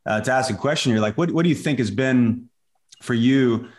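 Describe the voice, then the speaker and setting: A man from Southern Illinois hosting a podcast, asking questions in a halting, word-searching way. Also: medium pitch, a little mellow. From Southern Illinois, USA. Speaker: podcast host. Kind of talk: casual interview chat.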